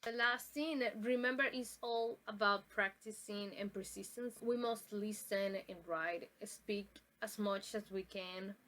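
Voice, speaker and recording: A woman's voice: medium pitch, a little slow, few pauses, fairly bright tone, low-quality recording. Woman giving a recorded pronunciation lesson. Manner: explanatory, with frequent fillers and restarts. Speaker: student presenter. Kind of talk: recorded class presentation. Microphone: self-recorded.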